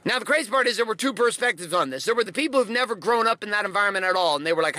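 A man's voice: high voice, racing, few pauses, bright, forceful tone, no echo. A man giving a blunt, emphatic motivational talk, hammering his points with repeated phrases. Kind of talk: motivational monologue.

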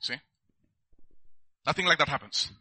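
A man preaching a lively sermon, asking his listeners rhetorical questions and acting out the people in his stories. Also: on the high side, a little slow, slightly rough, no room sound.

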